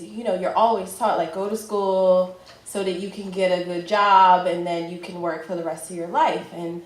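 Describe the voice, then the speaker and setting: A woman, a fashion entrepreneur, telling a personal story in a chatty, lively way with lots of filler words. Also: on the low side, echoey room, rough recording. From United States.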